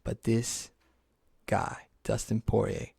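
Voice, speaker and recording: A man's voice: fairly low pitch, fairly even intonation, slow pace, gravelly, mellow, breathy edge, dry recording. A young man hosting his own podcast, rambling casually about upcoming fights, swearing and poking fun at himself. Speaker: podcast host. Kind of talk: casual solo sports talk.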